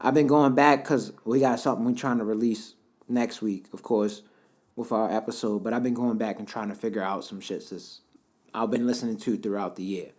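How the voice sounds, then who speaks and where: A man's voice: lowish voice, steady tone, brisk, darkish tone. A man co-hosting a podcast in casual, laid-back, slang-heavy banter. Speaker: podcast co-host. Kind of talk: casual chat.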